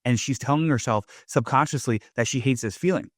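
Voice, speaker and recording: A man in a middle register hosts his own podcast in a relaxed, rambling monologue. He keeps dropping "like" and "right?" as he goes. The recording is dry, with no room echo. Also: mid-range voice, fairly quick. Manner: loose, chatty, leans on "like" and "right?". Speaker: podcast host. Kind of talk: casual motivational monologue.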